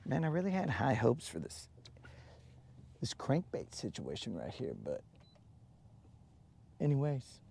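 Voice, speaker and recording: A man's voice: mid-range voice, wildly swooping pitch, a little slow, creaky, long pauses, warm tone, a little hiss or hum. A man hosting a fishing livestream outdoors on a lake, joking in slang and greeting viewers by name. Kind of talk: casual live-stream chat.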